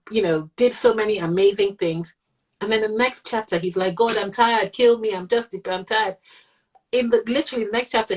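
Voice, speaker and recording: Here a middle-aged woman, mother of an autistic child, gives a frank conversational interview in a mid-range voice over a rough recording. Her tone is earnest and thoughtful, and she voices other people when quoting them.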